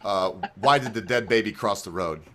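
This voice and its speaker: A man hosting a show, tipsy from drinking, telling crude jokes in a rambling, animated way. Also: on the low side, moderate pace, a little hiss or hum. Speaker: host. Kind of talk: drunken joke-telling.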